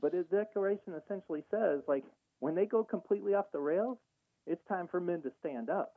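A man's voice: high voice, fairly quick, dry recording. Male caller on a tinny phone line. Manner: earnest, animated. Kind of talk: call-in talk radio.

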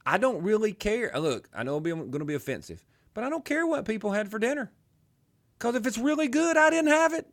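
Casual radio banter comes from a middle-aged Alabama host whose twangy Southern drawl is slightly high for a man and full of wide pitch swings. He talks a little fast, animated and rambling, forever slipping into jokes on the side.

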